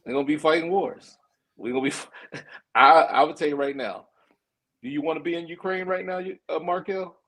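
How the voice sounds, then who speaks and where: Older man, animated and laughing. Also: on the high side, a little fast. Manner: animated, laughing, acts out quotes. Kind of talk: casual podcast talk.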